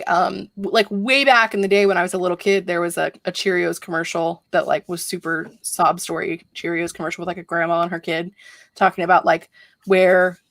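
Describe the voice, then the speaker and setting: A woman's voice: on the low side, gravelly, no room sound. A young adult woman chatting casually on a video call, rambling animatedly with lots of fillers. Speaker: livestream host. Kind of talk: casual group video chat.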